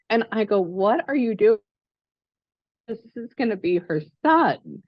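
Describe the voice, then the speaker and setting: A woman working as a psychic medium, talking casually and excitedly over a call, rambling with lots of fillers. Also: mid-range voice, a little slow, long pauses, no room sound, lo-fi sound.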